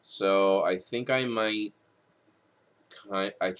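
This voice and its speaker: A man's voice: fairly low pitch, fairly even intonation, very slow, a bit bright. A male writing instructor, tired late at night, reads rules from a textbook in a recorded lecture and explains them with casual asides.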